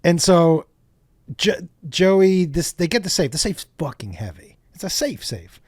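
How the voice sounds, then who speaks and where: A comedian guest on a podcast, telling profane stories in lively, casual chat. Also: male voice, high voice, unhurried, dry recording, studio quality.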